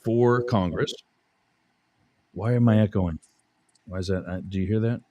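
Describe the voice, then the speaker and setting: A man's voice: lowish voice, unhurried, dark tone, highs cut off. A middle-aged man hosting a radio talk show, rambling and chatty, often interrupting himself with fillers.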